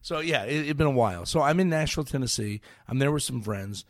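A man in his forties, a comedian guest, telling an animated story in casual conversation. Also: medium pitch, quick pace, no echo, studio quality. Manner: animated storyteller, acts out voices.

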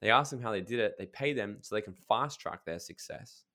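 A man's voice: fairly low pitch, bright, forceful tone. Blunt, emphatic man telling a story. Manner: emphatic, blunt, casual swearing; storytelling with quick asides. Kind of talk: casual podcast chat.

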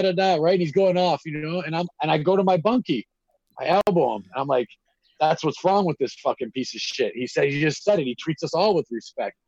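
A man, swearing and riffing through a story as he acts out the voices of the people in it. His voice sits a little high, and the recording is dry and dull, with a lo-fi edge. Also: no room sound. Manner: animated, acts out quotes, heavy filler and swearing. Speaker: guest telling prison stories. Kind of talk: casual storytelling chat.

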